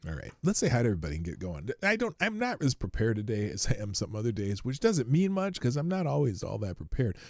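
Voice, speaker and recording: A man hosting his own livestream show, rambling casually from a home studio, talking softly and laughing at his own asides. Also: medium pitch, wildly swooping pitch, fast talker, creaky, hardly any pauses, no room sound.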